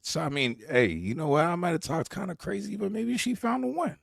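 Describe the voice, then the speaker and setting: A man's voice: high-pitched, lively intonation, fairly quick, vocal fry, no echo, studio quality. A man from Jamaica giving mocking commentary on a video clip he is reacting to.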